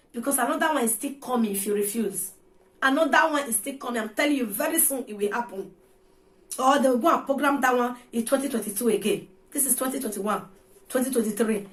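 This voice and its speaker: A Nigerian woman lectures her viewers in a vlog, her voice sitting high. She scolds and repeats her points, sliding between English, Pidgin and Yoruba. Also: fairly bright tone. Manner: scolding, preachy and repetitive. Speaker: vlogger. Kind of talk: ranting vlog monologue.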